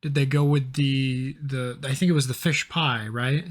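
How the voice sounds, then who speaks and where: A man's voice: medium pitch, fairly even intonation. A man live-streaming, chatting casually and cursing as he reacts to a show. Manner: chatty, swearing, quick asides.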